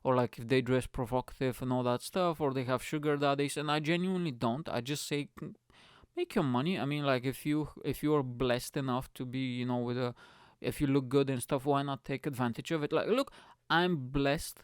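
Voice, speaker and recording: A man's voice: medium pitch, fairly even intonation, fairly quick, smooth, no echo, clean studio sound. A man hosting his comedy podcast, ranting energetically and crudely with lots of restarts.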